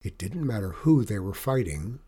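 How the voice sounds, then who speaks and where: Mellow-voiced man reading a story aloud. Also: fairly low pitch, moderate pace, husky. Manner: expressive, animated story reading. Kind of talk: storybook read-aloud narration.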